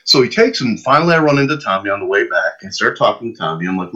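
A man's voice: fairly low pitch, quick pace, few pauses. A man telling a long casual anecdote as a podcast guest, acting out the lines of the people in his story. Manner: animated storyteller, acts out his own lines. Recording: muffled lo-fi podcast audio.

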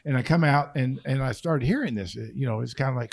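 An older man, a former football coach, telling stories in casual chat and quoting himself in a higher voice. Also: fast, creaky, few pauses, heavy background noise. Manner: animated storyteller, quotes himself in a high voice. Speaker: retired football coach, podcast regular.

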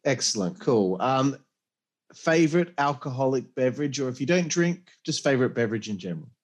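A man's voice: mid-range voice, animated, a little fast. Upbeat man hosting a casual interview. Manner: upbeat, short affirming replies. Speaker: interview host.

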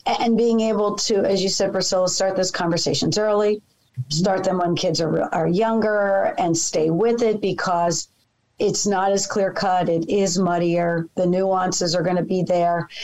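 A woman co-hosting a podcast, agreeing enthusiastically with a few halting restarts. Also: medium pitch, fairly even intonation, darkish tone, low-quality recording. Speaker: podcast co-host. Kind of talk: conversational interview.

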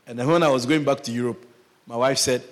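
A man preaching, telling a personal story with lively delivery and acted-out quotes. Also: medium pitch, fast. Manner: animated storyteller, acts out quoted voices. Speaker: pastor. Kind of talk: sermon storytelling.

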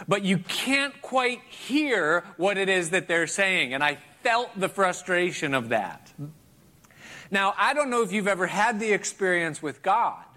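Bright-voiced man preaching conversationally. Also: sits high. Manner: conversational, self-deprecating, chuckles between points. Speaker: pastor. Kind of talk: sermon with personal story.

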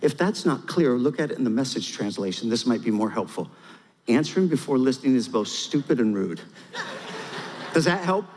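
A man's voice: mid-range voice, sing-song, fairly quick, a little mellow. A man preaching to his church, talking easily and then pressing his points hard. His voice rings out with a long reverb from the hall around him. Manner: conversational preaching, rising to emphatic. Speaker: pastor. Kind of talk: sermon.

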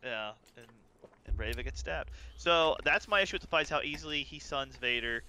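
A man's voice: medium pitch, a little fast, sharp tone, a little hiss or hum. A man in casual debate, hesitant and stubborn, often restarting his sentences.

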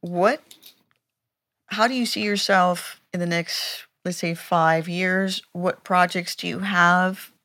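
Woman host, low-ish voice, upbeat and playful, quick affirmations. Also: steady tone, pushed and bright. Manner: encouraging, frequent backchannel, playful. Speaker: podcast host. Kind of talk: casual interview chat.

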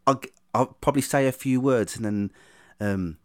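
A man's voice: mid-range voice, moderate pace, a little mellow. A man from the UK hosting a casual podcast, talking hesitantly with many stammers and restarts. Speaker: podcast host.

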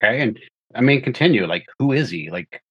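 A man playing a tabletop game, speaking haltingly and repeating words. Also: medium pitch, expressive, husky, highs cut off. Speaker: player. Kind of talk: casual tabletop game play.

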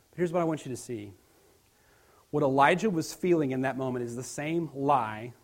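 A male pastor preaching a sermon, swinging between loud emphatic passages and hushed near-whispers, and reading scripture in a slow, declaiming cadence. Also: medium pitch.

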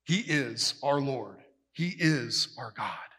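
A male pastor preaching a sermon emphatically, building to forceful peaks and dropping to hushed line endings. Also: medium pitch, lively intonation, takes it slowly, breathy edge. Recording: long reverb of a large hall.

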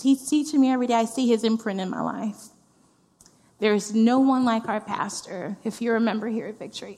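A woman's voice: a little high, darkish tone. A woman executive pastor giving a heartfelt, conversational sermon, repeating phrases for emphasis. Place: church sanctuary. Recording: reverberant church hall.

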